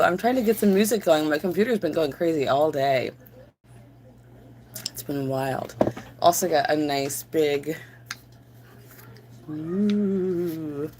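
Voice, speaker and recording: A woman's voice: low voice, slow, pauses often, darkish tone. A woman hosting a casual livestream, chatting to viewers while she crafts, giggly and chatty. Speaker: livestream host.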